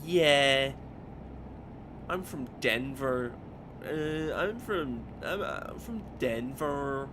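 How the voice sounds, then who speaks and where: A man's voice: medium pitch, expressive, extremely slow, background noise. An Irish man mimicking a drawling, repetitive Dublin mother in a mocking Dublin accent. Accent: mocked Dublin. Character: loud gossiping Dublin mother, middle-aged woman.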